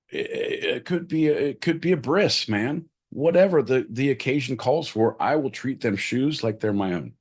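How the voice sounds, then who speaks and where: A man's voice: on the low side, slightly rough. A man hosting a podcast, talking in a crude, boisterous, joking way. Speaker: podcast host. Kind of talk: casual podcast chat.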